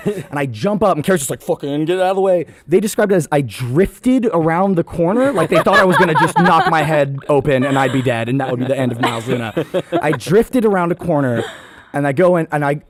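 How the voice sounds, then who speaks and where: A man's voice: on the high side, a little hiss or hum. A young man on a podcast, telling a long, rambling, self-deprecating story in a casual way, often mimicking other people. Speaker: podcast guest.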